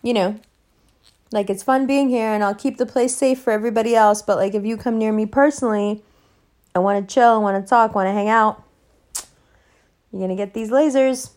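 A woman's voice: a little high, steady tone, moderate pace, long pauses, darkish tone. A woman hosting a podcast in a casual, rambling monologue, blunt and emphatic, swearing heavily. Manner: loose, rambling asides. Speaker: podcast host.

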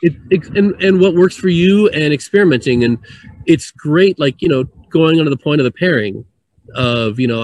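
A man in a relaxed, chatty conversation about wine, laughing lightly between points. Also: a little high, normal speed, dry recording. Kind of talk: casual conversation.

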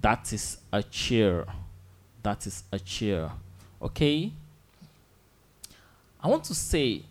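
A man teaching an Arabic lesson, drilling simple phrases slowly and patiently and asking students to repeat after him. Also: on the low side, huge pitch swings. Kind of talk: online language lesson.

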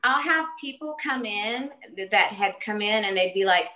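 A woman's voice: medium pitch, expressive, moderate pace, few pauses, sharp tone, a little hiss or hum, poor audio. A woman in her late forties, a fitness trainer, chatting earnestly in a casual podcast interview, speaking in short restarting phrases. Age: 40s.

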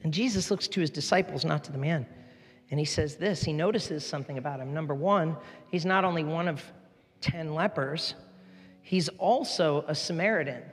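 A fairly high-voiced man preaches to a congregation, lively and joking as he hops from thought to thought. His words ring out in a large church hall with a long, trailing reverb. Soft music sits faintly underneath. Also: normal speed. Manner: animated, jokey, jumps between topics. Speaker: pastor. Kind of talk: sermon.

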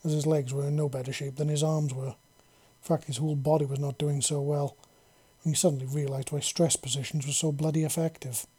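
A man reading a story aloud in a steady, plain narrating manner. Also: fairly high pitch, brisk, slightly rough. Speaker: audiobook narrator.

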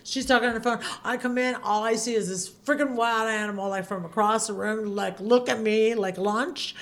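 A woman guest telling stories in casual chat, animated and laughing, acting out her own panicked quotes with loud high yelps. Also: moderate pace. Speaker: podcast guest, former feature dancer.

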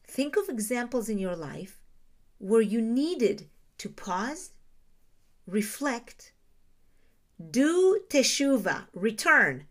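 A woman's voice: fairly high pitch, very animated, takes it slowly, pauses often. A woman giving a reflective teaching talk on Jewish ideas, explaining terms and asking her listeners rhetorical questions.

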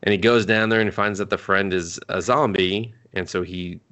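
A man's voice: sits low, fairly even intonation, normal speed, a bit bright. A man co-hosting a podcast, casually recapping an anime episode in a rambling way, swearing freely and laughing as he goes. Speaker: podcast co-host.

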